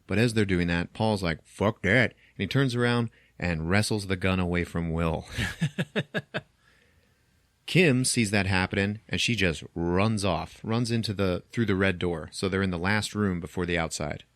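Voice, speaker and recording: A man's voice: low voice, moderate pace, no room sound, clean studio sound. A man hosting a podcast, casually retelling a movie's plot, acting out the characters' lines and laughing often. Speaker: podcast host. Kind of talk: casual film recap.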